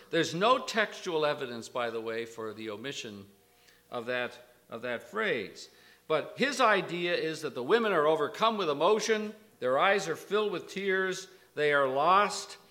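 A man preaching a sermon, slow and emphatic, rising sharply on quoted lines with scholarly asides. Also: very animated, sharp tone. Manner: slow, emphatic, with sudden lifts in pitch and volume on quotations. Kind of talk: expository sermon.

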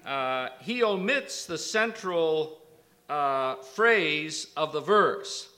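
A man preaching a sermon, slow and emphatic, rising sharply on quoted lines with scholarly asides. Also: lively intonation, sharp tone. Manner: slow, emphatic, with sudden lifts in pitch and volume on quotations. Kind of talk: expository sermon.

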